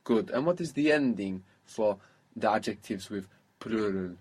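A man teaching a spoken language lesson, patiently prompting his student with questions and modelling phrases slowly. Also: on the low side, expressive, a little mellow, slightly rough.

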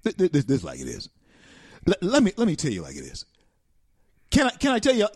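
An American man hosting a talk show, delivering an animated, preacherly monologue with repeated phrases. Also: medium pitch, no echo, studio quality. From United States.

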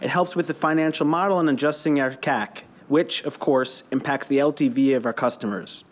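Man doing a keen young saleswoman, earnest, raised pitch. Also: brisk, lightly acted. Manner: earnest, textbook-like. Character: eager young woman reciting sales jargon.

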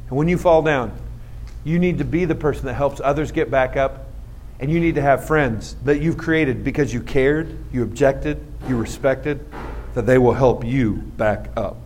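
A middle-aged man giving an animated motivational talk, telling stories and leading the audience in call-and-response. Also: on the high side. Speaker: motivational speaker. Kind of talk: storytelling talk to a live audience. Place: stage before a live audience.

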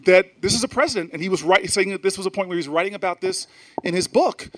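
Animated man telling stories on stage. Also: high-pitched, quick pace. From New Jersey. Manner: animated storytelling with frequent restarts and asides. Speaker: senator speaking to an audience. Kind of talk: public talk at a festival.

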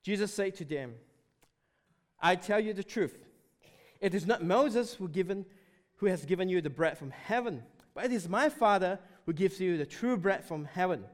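A man preaching a sermon, emphatic and animated, often dropping suddenly to a quiet voice. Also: sits high, moderate pace.

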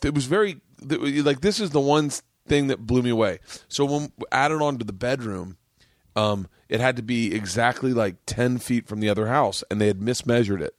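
A man hosting a podcast, telling a long story and jumping into the voices of the people in it. His voice sits at an average pitch. The sound is close and dry, with no room around it. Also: moderate pace, dry recording. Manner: animated, acts out voices in his stories. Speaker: podcast host. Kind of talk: casual storytelling chat.

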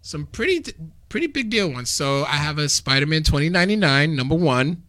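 A man's voice: on the high side, brisk. A man in casual chat, animatedly telling convention stories and acting out what people said. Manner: animated storyteller, laughs often, acts out quotes. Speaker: podcast guest recounting a convention.

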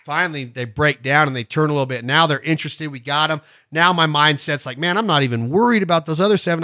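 A middle-aged man, hosting a casual instructional talk in a folksy, rambling way. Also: sits high. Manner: folksy and rambling, breaks into loud duck calls. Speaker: podcast host and duck calling instructor.

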